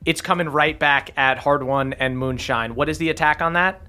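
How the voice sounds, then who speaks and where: A man's voice: fairly high pitch, moderate pace, pushed and bright, faint music behind. A man narrating as game master of a tabletop game, often laughing as he describes what happens.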